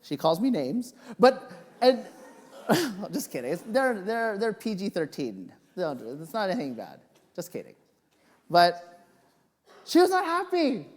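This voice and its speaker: A male pastor preaching a sermon, telling personal stories in an animated, joking way. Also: high-pitched, unhurried, pauses often. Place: church sanctuary. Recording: long reverb of a church hall.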